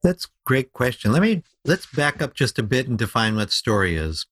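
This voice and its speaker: A man who is a guest on a podcast, explaining storytelling in an animated way and slowing down to stress his points. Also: medium pitch, no echo. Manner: animated explaining, slows down for emphasis. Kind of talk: conversational podcast interview.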